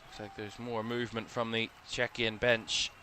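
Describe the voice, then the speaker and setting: A man giving relaxed live play-by-play commentary on a football match for a watchalong stream, chatty and a little drowsy, yawning now and then and correcting himself as he goes. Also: fairly low pitch, normal speed, a little hiss or hum. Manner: relaxed, chatty, thinking aloud with small self-corrections.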